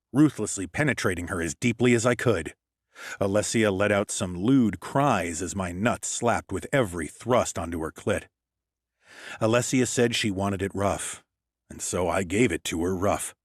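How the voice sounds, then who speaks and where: Male audiobook narrator, very low voice, cool and matter-of-fact, dry close mic. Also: no echo. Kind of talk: first-person scripted narration.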